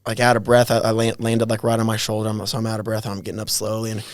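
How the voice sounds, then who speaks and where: A college athlete in his twenties, telling his story in a guest interview with many halting restarts and little chuckles. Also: fairly low pitch, monotone, dry recording. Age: 20s. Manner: halting, repeats words, chuckles while telling stories. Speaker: college football player, guest.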